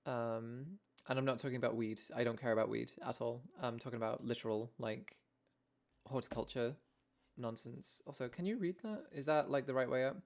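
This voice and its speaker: A woman's voice: very deep voice, fairly quick, darkish tone. A young English woman streaming a casual chat, rambling and self-deprecating, laughing often as she talks to her viewers. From England.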